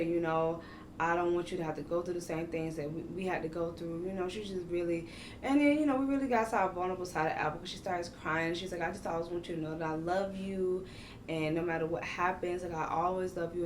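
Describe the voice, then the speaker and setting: A woman hosting a casual reality TV recap, talking in slangy, animated bursts with laughing exclamations. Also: on the low side, distant mic, a little hiss or hum.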